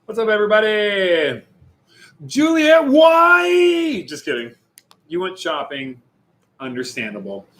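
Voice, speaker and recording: Young man, youth pastor, playful livestream chat, bright tone, slightly high voice. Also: sing-song, moderate pace, poor audio. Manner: jokey, playful, chatty with viewers.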